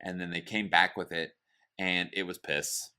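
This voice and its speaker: A man's voice: deep voice, level tone, moderate pace, a crowd in the background. A man in his thirties chatting casually on a podcast, telling a story in a laid-back, hesitant way.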